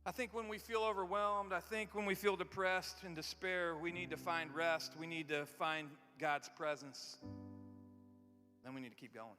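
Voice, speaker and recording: A man preaching a sermon in a large church. He talks conversationally and swings from loud, emphatic lines to hushed, near-whispered ones. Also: on the high side, fairly even intonation, normal speed, soft background music. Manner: conversational, repeats and restarts words. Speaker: pastor. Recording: long hall reverb.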